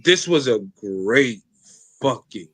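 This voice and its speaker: A man's voice: mid-range voice, expressive, slow, a bit bright, slightly rough, no room sound. A man hosting a casual podcast, talking loosely in slang with lots of fillers and swearing. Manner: loose, rambling, profane slang with many fillers. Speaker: podcast host.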